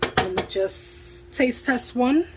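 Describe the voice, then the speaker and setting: A woman's voice: fairly high pitch, animated, takes it slowly, noisy background. A woman casually narrating her home cooking for viewers in a chatty, enthusiastic way, talking from her kitchen stove. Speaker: home cook vlogger. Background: food sizzling in a pan.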